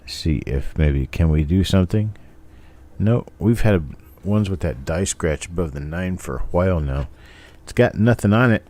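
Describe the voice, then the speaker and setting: An older man with a deep, low voice and a mellow, dark tone. He rambles and jokes with his viewers by name as he hosts a live stream, looking over coins one at a time. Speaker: host. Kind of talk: live coin roll hunting chat.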